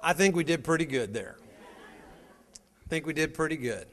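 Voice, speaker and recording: Energetic man rallying a sales crowd. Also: fairly high pitch, moderate pace. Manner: energetic, emphatic, fires rhetorical questions at the crowd. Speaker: motivational speaker at a sales meeting. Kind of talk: motivational speech to a live audience. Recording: long hall reverb.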